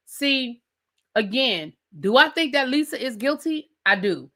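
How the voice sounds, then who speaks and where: Woman with a high bright voice doing a sassy reality tv rant, calls everyone y'all. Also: lively intonation, normal speed. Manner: sassy, conversational, addresses viewers as y'all. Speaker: TV recap host.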